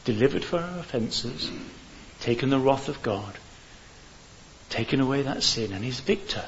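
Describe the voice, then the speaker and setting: A man's voice: medium pitch, animated, normal speed. Male preacher, earnest and fervent; slightly muffled recording with faint hiss. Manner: earnest, rising to fervent appeals. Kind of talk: evangelistic sermon. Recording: dull hissy recording.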